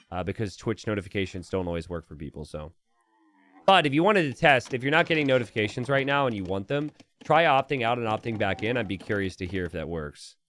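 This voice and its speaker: A man casting a strategy game live, chatting with viewers, laughing often and reading their messages aloud. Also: on the low side. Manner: animated, laughs often, talks to chat directly. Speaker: streamer and game caster. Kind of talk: live commentary while reading chat.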